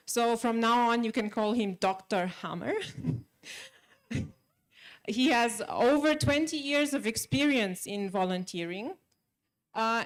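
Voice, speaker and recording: A young woman from Germany, giving a conference talk in a large hall, friendly and hesitant with many fillers and restarts. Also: on the high side. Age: young adult. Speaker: conference speaker. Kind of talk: conference presentation.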